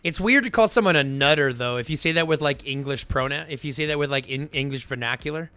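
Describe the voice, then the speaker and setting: A man hosting a livestream, chatting casually with viewers in a rambling, animated way full of fillers. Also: fairly high pitch, fast talker, smooth, no echo, faint music behind. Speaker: livestream host.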